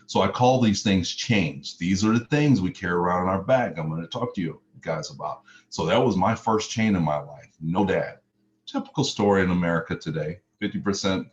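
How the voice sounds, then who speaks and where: A man's voice: low voice, dull audio, slight background noise. A middle-aged man from Mississippi, giving an earnest personal testimony as a motivational speaker, stacking up repeated phrases for emphasis. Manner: earnest, repetitive lists with emphatic rises.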